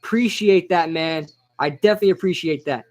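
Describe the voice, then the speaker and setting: A young man casually reacting live to a football game, chatting with viewers and shouting out their names. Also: a little high, a little fast. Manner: excitable, chatty, reads out chat names. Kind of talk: casual live-stream commentary.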